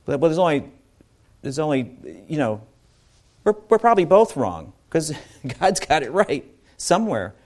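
A man's voice: on the high side, very animated, unhurried, a little mellow. A man giving an informal sermon to a congregation, talking conversationally with asides and restarts. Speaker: bible teacher.

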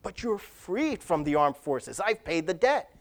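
A calm, kindly man speaks softly and reassuringly to a freed soldier, voiced by a preacher. His tone is low and gentle. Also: a little slow. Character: calm man who paid the soldier's debt.

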